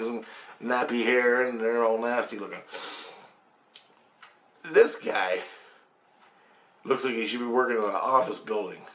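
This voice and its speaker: A man from Canada recounts a strange night in a loose, conversational voice. He acts out sounds and voices, drops casual curses and chuckles between lines, at an ordinary mid pitch. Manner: animated, imitates rotor sounds and acts out quoted voices; swears casually, laughs while telling. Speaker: storyteller. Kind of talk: casual first-person storytelling.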